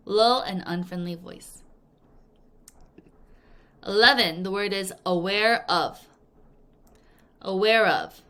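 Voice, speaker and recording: A woman teaching an English vocabulary lesson, drilling words clearly with repeat-after-me prompts and acting out examples playfully. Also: mid-range voice, sharp tone. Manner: playful, acts out example sentences. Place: language school in Korea.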